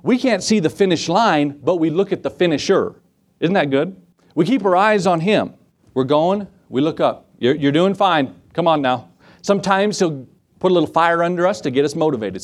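A man delivers a sermon in an easygoing, conversational way. He tosses questions and asides to the congregation and acts out the voices he quotes. His voice sits a little high for a man. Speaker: pastor.

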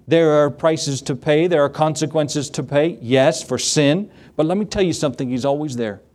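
A man preaching a sermon as pastor, slowing down and rising in pitch for emphasis, then dropping low and quiet for asides.

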